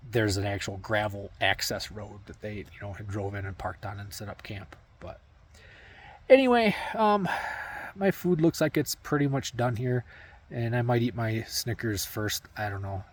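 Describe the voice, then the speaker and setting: A man's voice: lowish voice, a little mellow. A young man from Wisconsin, a thru-hiker vlogging from camp in the mountains outdoors, telling trail stories in a rambling, laid-back way full of fillers. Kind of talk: casual storytelling to camera.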